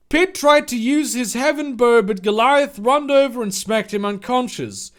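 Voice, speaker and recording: A man's voice: very high-pitched, moderate pace, hardly any pauses. A man reading a story aloud for comedy, breaking off for sarcastic, incredulous asides. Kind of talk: comedic dramatic reading with commentary.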